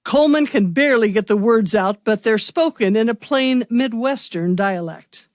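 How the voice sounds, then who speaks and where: A woman narrates a radio mystery in a measured storytelling voice that sits high. The recording is dry and close, with no room sound. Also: lively intonation, dry recording. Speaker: podcast host and narrator. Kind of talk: scripted narration.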